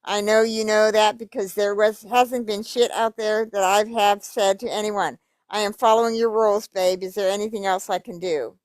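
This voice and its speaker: A woman reads private emails aloud in a plain, middle-pitched voice. She stops often to add blunt, profane commentary of her own. The recording is dry, with no room echo. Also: steady tone, normal speed, a little mellow. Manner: blunt, profane asides between readings. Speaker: YouTube commentator.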